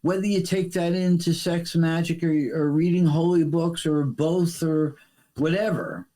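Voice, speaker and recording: A man on a podcast video call telling parables and jokes in a rambling, dramatic way, with long pauses. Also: on the high side, steady tone, dark tone. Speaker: podcast guest. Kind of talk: casual conversation with storytelling.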